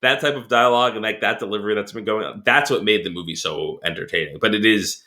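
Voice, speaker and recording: His voice is fairly low with a sharp tone, and he talks fast. As a podcast co-host in casual conversation, he rambles with many fillers and restarts, laughing as he describes scenes from films.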